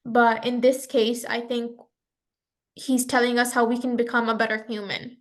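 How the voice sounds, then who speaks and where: A woman's voice: a little high, level tone, a little slow. A woman student answering a question in a lesson, hesitant and full of fillers.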